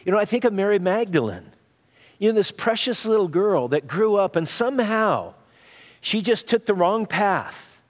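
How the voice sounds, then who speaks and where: A man delivers a sermon in a relaxed, conversational manner, often restarting phrases and filling pauses. His voice sits a little high for a man. It carries a long reverb from a large hall. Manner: conversational preaching with frequent fillers and restarts. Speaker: pastor.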